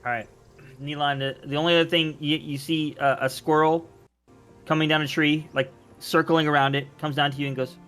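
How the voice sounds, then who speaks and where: A man's voice: fairly high pitch, flat delivery, a little fast, fairly bright tone, smooth, faint music behind. Laid-back man narrating as game master. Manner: loose, chuckling narration full of "like" and "kinda". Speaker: dungeon master.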